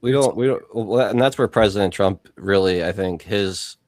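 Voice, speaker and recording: A man's voice: lowish voice, normal speed, a little mellow, no room sound. A man on a political podcast, explaining his views and acting out quoted voices as he goes. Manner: storytelling, acts out quoted voices. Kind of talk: casual political podcast talk.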